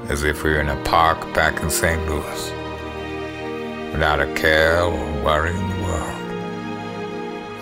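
A man doing an impression of a famous film narrator, voicing an older male inmate who tells his story with an unhurried drawl over a film score. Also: a bass voice. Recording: film score playing loudly underneath.

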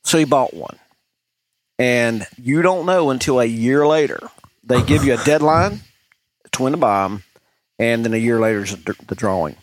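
A man's voice: mid-range voice, normal speed, slight background noise. Man, podcast co-host, chatty and rambling storyteller. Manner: chatty, many restarts and fillers. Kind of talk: casual chat, rambling storytelling.

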